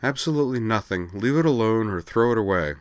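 A man's voice: fairly low pitch, expressive, fast, no room sound, pitched above the performer's own voice, close to an everyday voice. A man voicing a bitter, sardonic young woman in a raised voice.

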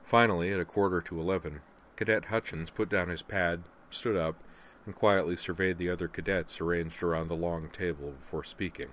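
Deep-voiced male audiobook narrator. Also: steady tone, brisk, fairly bright tone, a little hiss or hum. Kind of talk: scripted narration.

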